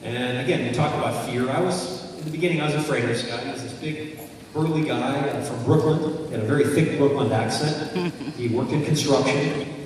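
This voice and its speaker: In an echoey hall, captured from a distance with a noisy recording, a motivational speaker tells stories and puts questions to the crowd. His voice is medium-pitched, fairly quick and a little mellow.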